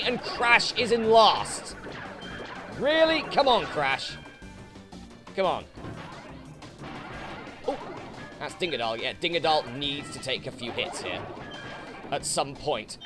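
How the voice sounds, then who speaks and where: A British man who hosts let's plays, giving excitable gameplay commentary full of swearing and frustrated outbursts. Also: high voice. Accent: British English. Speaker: let's play host.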